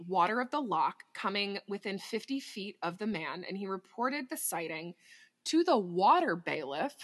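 A woman's voice: mid-range voice, sing-song, normal speed, breathy edge. A woman co-hosting a podcast, telling a story in casual chat, giggly and freely swearing as she reads out quotes.

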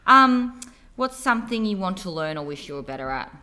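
A woman co-hosts a casual podcast, putting questions to her partner. Her voice is bright and sharp, with a lively, swooping pitch, and she laughs easily. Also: brisk. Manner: playful, laughs easily, animated. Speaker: podcast co-host asking questions.

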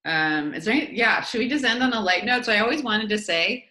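A woman with a gravelly voice, co-hosting a podcast in casual, enthusiastic chat. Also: fairly high pitch, lively intonation, fast, bright, forceful tone. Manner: chatty, enthusiastic. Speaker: podcast co-host.

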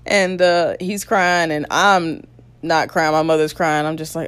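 A woman's voice: deep voice, little pitch movement, a little slow, a bit bright, smooth. A young adult woman casually telling her birth story, candid and blunt, with crude humor and frequent laughs.

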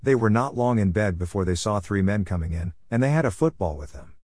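Low-voiced man telling a folk tale. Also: animated, a little fast, a little mellow, dry recording, studio quality. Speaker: storyteller.

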